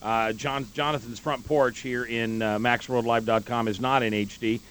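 A man hosting a political talk radio show, emphatic and climbing in pitch when heated. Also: steady tone, moderate pace, a bit bright, a little hiss or hum.

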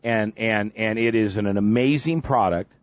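A man's voice: lowish voice, moderate pace, dry recording, lo-fi sound. A man hosting a radio show, teasing his co-host and talking up a product in a salesy way. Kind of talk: bantering radio chat.

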